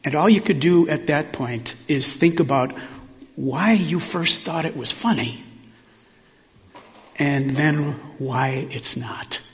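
Male pastor, sermon delivery, measured and reflective, slightly higher voice, church reverb and a dull sound. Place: church sanctuary.

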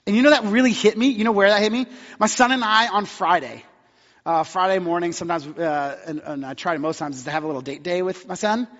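Male pastor, high voice, chatty storytelling sermon, muffled hall sound. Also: fast talker, a bit bright. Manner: storytelling, conversational with acted-out quotes. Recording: dull sound with long hall reverb.

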